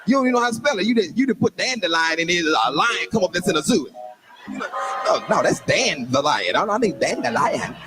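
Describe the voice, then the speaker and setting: A man telling a funny story in a lively way, acting out the people in it. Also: high-pitched, fast talker, music in the background. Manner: animated, acts out the other people in his story. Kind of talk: comedic storytelling.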